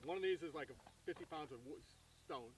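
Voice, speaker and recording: A man giving a tribute at an outdoor gathering, telling a lively anecdote and acting out the people in it. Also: a little high, a little fast, slight background noise. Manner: animated anecdote, acting out voices. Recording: voice from far off the mic.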